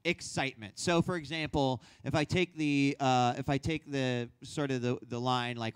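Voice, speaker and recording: A man explains on-air hosting technique in a relaxed, conversational way. His voice is smooth and resonant, recorded dry and close. He often slips into quick sample reads to show different kinds of energy. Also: mid-range voice, no room sound. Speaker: workshop host. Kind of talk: instructional talk.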